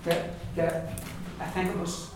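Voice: mid-range voice, completely flat delivery, takes it slowly. A teacher with a Donegal Irish accent leads a pronunciation class, patiently repeating each word with small asides. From Donegal, Ireland. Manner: patient and repetitive, says each word several times, with asides and small laughs. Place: large echoey classroom with a group of learners. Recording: echoey room, distant mic, background noise.

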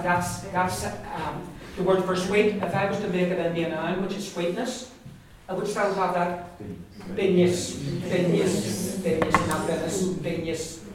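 A teacher with a Donegal Irish accent leads a pronunciation class, patiently repeating each word with small asides. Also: mid-range voice. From Donegal, Ireland. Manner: patient and repetitive, says each word several times, with asides and small laughs. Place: large echoey classroom with a group of learners. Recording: echoey room, distant mic, background noise.

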